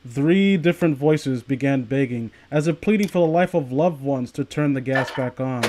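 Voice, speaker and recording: A man's voice: medium pitch, moderate pace, darkish tone. A man reading a horror story aloud to friends, stumbling over words and breaking off to joke and laugh. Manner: stumbles and restarts often, laughs a lot. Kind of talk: casual reading with jokey commentary.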